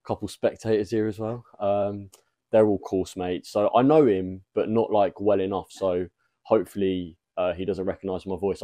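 A young man chats casually as a podcast co-host, laughing often and joking nervously. His voice sits low and mellow, and the sound is dry and close. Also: no room sound. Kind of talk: casual chat.

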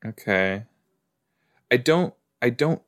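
A man's voice: mid-range voice, lively intonation, slow pace, fairly bright tone. A man hosting a reaction video, chatting casually and exclaiming and asking questions at the screen as he watches.

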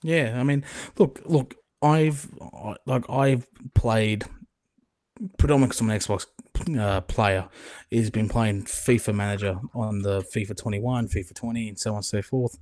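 A man in his young adult years chats on a podcast, his voice a little low. He tells stories with lively swearing. The sound is close and dry, with no room around it. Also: moderate pace, no echo. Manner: profane, animated storyteller. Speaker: podcast co-host. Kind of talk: casual chat. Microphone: podcast mic.

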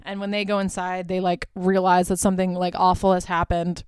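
Smooth, low-voiced woman podcast host. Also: completely flat delivery, brisk, darkish tone, no echo. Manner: retells film scenes with many fillers; swears casually. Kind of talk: casual movie review chat.

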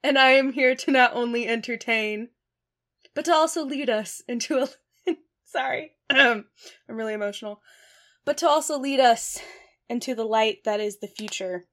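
A woman's voice: fairly high pitch, moderate pace, a bit bright, close to an everyday voice. A woman playing a pompous newly sworn-in president giving a mock-solemn inauguration speech.

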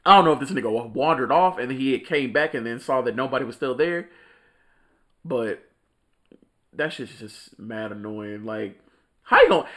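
A young man chatting casually on a podcast, laughing often and swearing freely. His pitch jumps around a lot as he tells a story with plenty of slang. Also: fairly bright tone. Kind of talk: casual chat.

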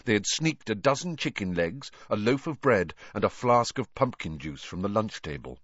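Low-voiced man with animated narration. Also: moderate pace, dry recording, lo-fi sound. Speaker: audiobook reader. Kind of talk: scripted narration.

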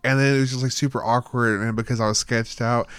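A man's voice: mid-range voice, flat delivery, quick pace, a bit bright, clear, resonant tone, dry recording. A young man, a podcast co-host, telling a rambling story with lots of swearing and laughter. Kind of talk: casual chat.

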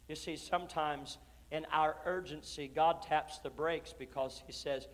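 A pastor preaching an impassioned sermon in a church, moving from hushed, drawn-out lines to shouted declarations. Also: male voice, on the high side. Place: church sanctuary. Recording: long reverb of a church hall.

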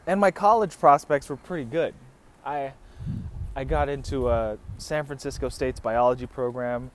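A man's voice: mid-range voice, moderate pace, a little hiss or hum. Crude joking man telling stories. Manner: crude, joking, swears a lot, laughs. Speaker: podcast host. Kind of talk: casual storytelling. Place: living in the Philippines.

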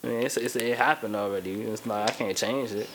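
A young man co-hosting a podcast in casual chat, relaxed and blunt, laughing often. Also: fairly low pitch, a little fast, crowd noise.

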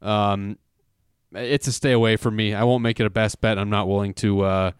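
Male co-host, laid-back and cautious, smooth resonant voice, dry studio sound. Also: lowish voice, fairly even intonation, normal speed, no room sound. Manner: hesitant, laughs easily, hedging. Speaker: podcast co-host. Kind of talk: casual sports betting talk.

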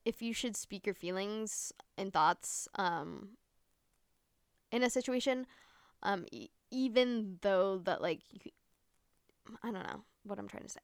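Young woman, podcast host, chatty and rambling, clear voice, dry close sound. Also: medium pitch, unhurried, long pauses, dry recording. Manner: rambling, filler-heavy, swears casually. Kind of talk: casual solo podcast chat. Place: room at home with window open.

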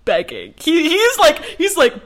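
A twentysomething woman co-hosting a podcast tells a story in relaxed conversation, her voice sitting high and moving a little slowly. She's lively, laughs a lot, and performs the people she quotes.

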